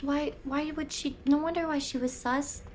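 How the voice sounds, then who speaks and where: A woman's voice: high-pitched, steady tone, normal speed, slight background noise. A woman streamer chatting and reacting aloud as she plays, talking back to the game. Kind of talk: live game stream commentary.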